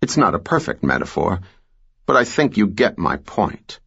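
Male narrator as a deadpan hero, low voice, lo-fi sound. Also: normal speed, vocal fry, breathy edge, full character voice. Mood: sardonic. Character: calm, dryly sardonic male hero.

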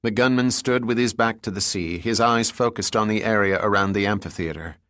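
Low-voiced man narrating an audiobook. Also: brisk, a bit bright, dry recording, clean studio sound. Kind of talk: scripted narration.

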